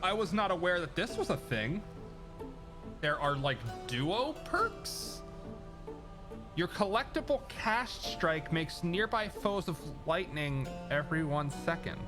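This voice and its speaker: Over clearly audible game music, a man with a fairly high, expressive voice streams a video game at a measured pace. He chats casually and jokes about the action on screen, often at his own expense.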